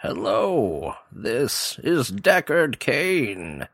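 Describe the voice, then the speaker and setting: A man doing a fake sage in a gravelly villain voice. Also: huge pitch swings, very slow, a bit bright, no echo, studio quality, heavily acted. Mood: pompous. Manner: deep, gravelly villainous impression. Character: impostor old sage, sinister put-on voice. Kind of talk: comedic call-in sketch.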